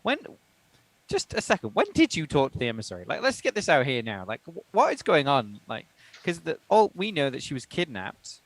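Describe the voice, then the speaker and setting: A tabletop player keeps pressing with questions, and the pitch jumps around in an animated way. The voice sits in the middle range. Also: fairly quick, dry recording. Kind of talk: tabletop game play.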